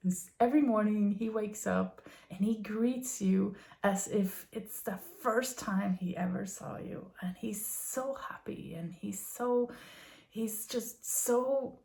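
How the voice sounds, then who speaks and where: A woman in her thirties or forties giving a gentle, earnest spiritual musing to her viewers, with many fillers and soft laughs. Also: mid-range voice, slow pace, creaky. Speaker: vlogger.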